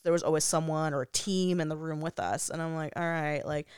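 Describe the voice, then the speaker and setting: A woman's voice: low-pitched, quick pace, a little mellow, clear, resonant tone, no echo, clean studio sound. A young woman vlogger telling a personal story in a casual, chatty way, full of "like" fillers and frequent laughs. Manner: laughs often while talking.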